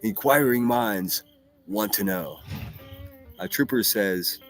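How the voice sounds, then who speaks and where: A man's voice: lowish voice, slow pace, a bit bright, soft background music. A man from Pittsburgh with a Pittsburgh accent, hosting a livestream and chatting casually and profanely while reading out names from the chat. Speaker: livestream host.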